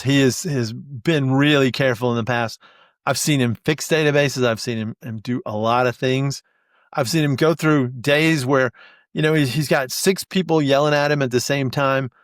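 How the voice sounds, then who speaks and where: An excitable male sports commentator calling the play blow by blow, as a man puts him on for a comic sketch. He drops to a hush, then his voice climbs as the moment builds. The sound is close and dry. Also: mid-range voice, normal speed, no room sound, natural voice. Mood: chatty.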